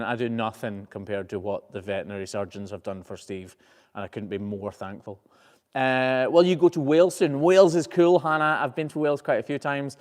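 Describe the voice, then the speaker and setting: Easygoing man answering viewer questions, reverberant. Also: mid-range voice. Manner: chatty and easygoing, frequent "uh" before each question, self-correcting restarts. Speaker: professional hoof trimmer and channel host. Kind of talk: casual live Q&A, reading viewer questions aloud.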